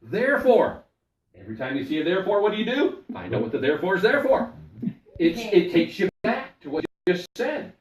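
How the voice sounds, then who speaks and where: A man's voice: high voice, sing-song, brisk, reverberant, far from the mic, poor audio. A male pastor delivering a sermon, telling a story and putting questions to the congregation.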